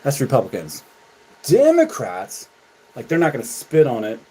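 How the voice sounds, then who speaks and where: A man streaming live and ranting back at his chat, full of mockery and swearing. He laughs often between jabs and swings between loud outbursts and low, muttered asides, at a medium pitch. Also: animated, fast talker, slight background noise. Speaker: livestreamer. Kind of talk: livestream rant to chat.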